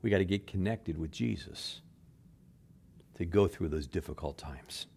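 A male pastor preaching a sermon, moving between loud emphatic lines and quiet low asides, often repeating words and acting out quoted speech softly. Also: a little slow, vocal fry, a little hiss or hum.

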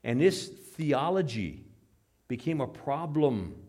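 A pastor preaching a sermon, reading scripture aloud dramatically and dropping into quiet asides, asking the congregation questions. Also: male voice, fairly high pitch, animated, takes it slowly. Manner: dramatic, swings between loud scripture reading and hushed asides.

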